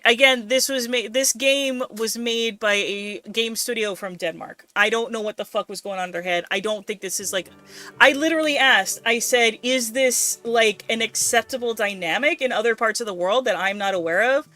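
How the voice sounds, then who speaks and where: A woman's voice: fairly high pitch, moderate pace, bright, forceful tone, dry recording. A woman streaming a game, ranting casually and swearing a lot in exasperation. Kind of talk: casual let's-play commentary.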